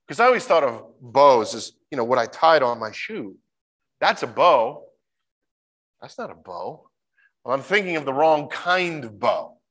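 A man giving a conversational sermon. He moves from quiet, slow emphasis to bursts of high, excited mimicry when he acts out a story. His voice sits at an average pitch. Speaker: preacher.

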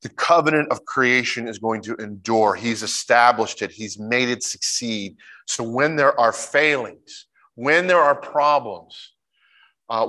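A man giving a conversational sermon. He moves from quiet, slow emphasis to bursts of high, excited mimicry when he acts out a story. His voice sits at an average pitch. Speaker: preacher.

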